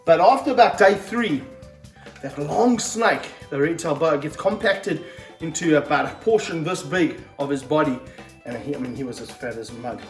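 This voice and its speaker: Excitable snake handler, roomy and distant. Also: male voice, a little high, normal speed. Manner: energetic, exclaiming, coaching a helper. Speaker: snake handler and wildlife vlogger. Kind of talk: excited hands-on wildlife vlog. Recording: roomy sound, mic held off at a distance, faint music behind.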